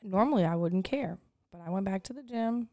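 A woman's voice: medium pitch, animated, fairly quick, a little mellow. A young woman co-hosting a podcast in casual chat, blunt and joking, swearing freely. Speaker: podcast co-host.

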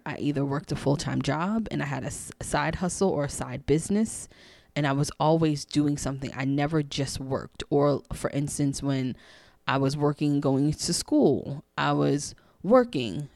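Woman, low voice, podcast host, candid personal storytelling, chatty, dry close sound. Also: moderate pace, no echo. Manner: expressive, acts out dialogue in a hushed voice.

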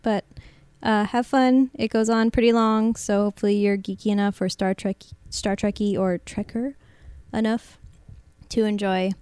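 A woman hosting a casual podcast, playful and chatty, with quick asides. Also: mid-range voice, steady tone, a little mellow, clear, resonant tone, no echo. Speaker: podcast host.

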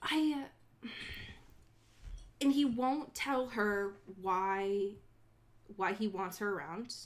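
A woman chatting casually on a podcast about a book. Her voice sits at a middle pitch, and she swears a lot and acts out characters' lines as she goes. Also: slow pace. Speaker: podcast co-host. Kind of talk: casual book discussion chat.

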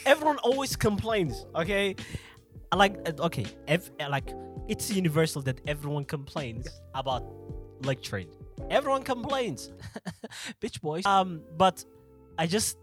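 A man's voice: sits high, animated, a little slow, soft background music. A man in his twenties chatting casually on a podcast, laughing and swearing. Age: 20s. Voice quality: laughing, profane banter. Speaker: podcast host. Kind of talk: casual chat.

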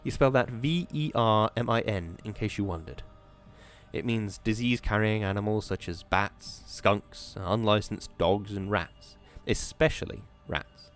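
A man's voice: on the low side, a little slow, faint music behind, natural voice. A man reading the lines of a defiant, sarcastic young mill worker, with a cocky, mocking delivery.

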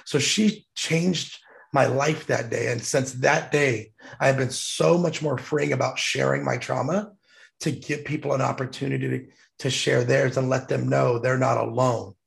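A man's voice: medium pitch, steady tone, moderate pace, creaky. A man, a military veteran guest, telling an emotional personal story in a heartfelt, emphatic way. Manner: heartfelt, emphatic, choked up at times.

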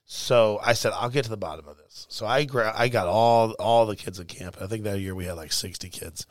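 A man who is a pastor and mentor, recalling a story in a casual chat with dry, deliberate emphasis. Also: fairly low pitch, no room sound.

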